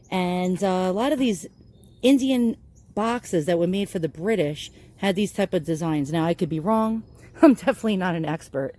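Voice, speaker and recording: A woman's voice: fairly low pitch, warm tone. A woman casually narrating her furniture restoration vlog, chatty and self-deprecating, with lots of ums and uhs. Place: outdoors in sunlight.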